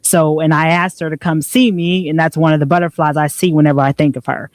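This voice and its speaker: A woman's voice: low voice, fairly even intonation, quick pace, no echo. Woman co-host, reflective motivational chat, dry close sound. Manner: earnest, reflective, frequent "right?" tags. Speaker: podcast co-host.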